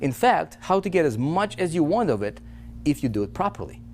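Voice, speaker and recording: A man giving a motivational sales pitch, persuasive and full of "right?" and "you know". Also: very animated, fairly quick, a little mellow, a little hiss or hum. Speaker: online business presenter.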